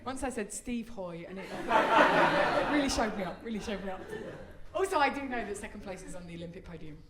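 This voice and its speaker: On a theatre stage before a laughing audience, a woman does live stand-up, chatty and self-mocking, breaking into squealing act-outs. Her medium-pitched voice has lively intonation and a slightly fast pace, picked up by a distant mic in a roomy recording over a loud, noisy crowd.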